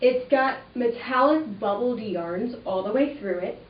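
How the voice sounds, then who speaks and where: A woman's voice: a little high, lively intonation, unhurried, a little hiss or hum. A young woman hosting a fabric webinar, chatting casually and enthusiastically with lots of "like" and "um". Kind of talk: casual product walkthrough. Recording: roomy, distant, slightly dull sound with faint ambience.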